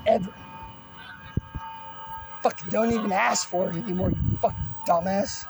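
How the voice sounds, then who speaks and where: Furious ranting man, high-pitched. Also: fairly even intonation, normal speed, creaky, music in the background. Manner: aggressive, profane, threatening; rambling, swings between shouting and muttering. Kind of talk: angry rant at an unseen person.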